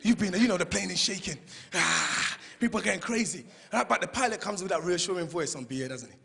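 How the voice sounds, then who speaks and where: A man with a London accent, born in Congo, doing animated, high-energy stand-up comedy in a large hall. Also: fast talker, vocal fry. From born in Congo, raised in London. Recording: echoey hall with long reverb.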